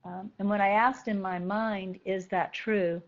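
Slow, thoughtful woman giving a spiritual talk. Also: mid-range voice, fairly even intonation, highs cut off. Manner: gentle, thoughtful, repeats key phrases slowly. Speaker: spiritual teacher.

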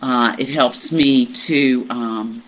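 A group member sharing personal news in a meditation group, halting and reflective, with many pauses and fillers. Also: medium pitch, steady tone, fairly bright tone. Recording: muffled recording with faint hiss.

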